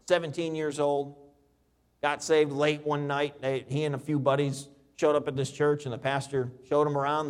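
A middle-aged man preaching a sermon, reading scripture and telling stories with lively, animated delivery. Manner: animated storytelling preacher, reads scripture in a lower, steadier voice. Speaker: pastor.

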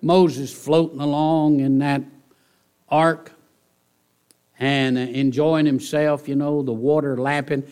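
A man preaching a sermon in church, folksy and animated, often asking the congregation rhetorical questions. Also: on the high side, slow, pauses often, clean tone. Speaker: pastor.

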